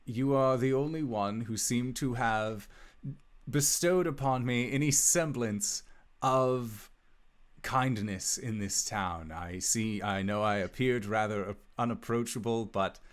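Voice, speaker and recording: A man's voice: medium pitch, slow, pitched above the performer's own voice, lightly acted. A man reading as an aloof wizard's farewell letter. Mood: tender. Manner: formal, heartfelt letter reading. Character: aloof older male wizard, secretly tender.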